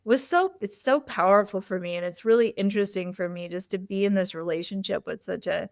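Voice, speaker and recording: A woman's voice: mid-range voice, brisk, no room sound, clean studio sound. A woman hosting a conversation, telling a candid personal story in a loose, open way with frequent "like" and "you know" fillers. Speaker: host.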